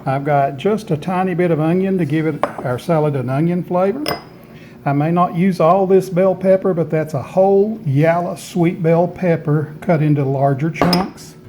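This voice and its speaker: Folksy man, slightly high voice. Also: normal speed, noisy background. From Tennessee, USA. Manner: folksy, homespun and chatty. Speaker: host of a home gardening channel. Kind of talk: casual food demonstration.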